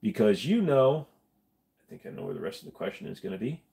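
A man's voice: on the low side, animated, fast talker, gravelly, warm tone, a little hiss or hum. A man hosting a live stream, answering viewer questions in a blunt, profane, casual way.

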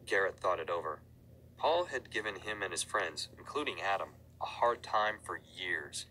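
Deep-voiced man reading a story. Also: lively intonation, normal speed, bright, forceful tone, slight background noise, poor audio. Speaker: narrator. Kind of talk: audiobook reading.

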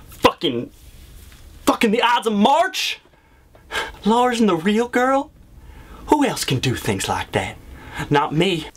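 An actor playing an unhinged young man obsessed with a movie star, in a comedy sketch monologue, lurching from low profane mutters to shrill outbursts. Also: fairly bright tone, slightly rough, exaggerated voice. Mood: mumbling devotion.

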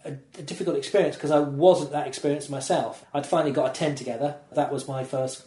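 A stand-up comedian rattles through his anecdotes at a brisk clip, slipping into other people's voices as he goes. His voice sits a little high for a man, and the room around him adds a noticeable echo. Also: fairly even intonation, dark tone. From England. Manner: rambling storyteller, acts out voices in quotes. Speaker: comedian guest. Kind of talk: casual podcast chat, anecdotes. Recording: roomy echo.

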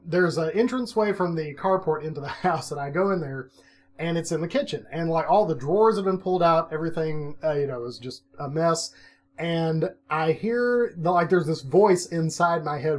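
A middle-aged man telling a personal story in a casual, animated way, laughing often and acting out what he said at the time. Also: fairly high pitch. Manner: animated, self-mocking, laughs often, acts out his own quotes.

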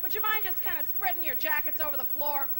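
A high-voiced woman in her forties, a singer and comedian, rattles off bawdy jokes at a fast clip during a live concert on a large hall stage. Her delivery is brassy and teasing, with background noise behind her.

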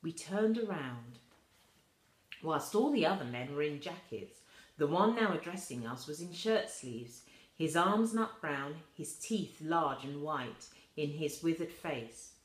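A woman slowly reading a children's novel aloud, voicing the quoted characters a little higher. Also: expressive. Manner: slow, soft reading with quoted voices lifted higher. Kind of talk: storybook read-aloud. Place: school room. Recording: echoey room.

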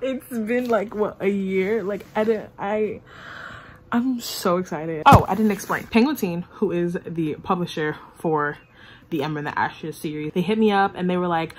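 A young woman hosting her own book vlog in casual, gushing chat, excitable and talkative. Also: lowish voice, normal speed, background noise. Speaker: book vlogger.

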